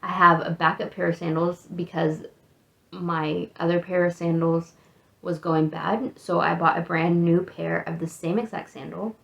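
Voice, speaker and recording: A woman's voice: fairly low pitch, fairly even intonation, normal speed, creaky, a bit bright, dull audio. A woman in her thirties with an American accent, chatting casually and rambling a little in a self-deprecating get-to-know-me vlog. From United States. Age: 30s. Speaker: vlogger.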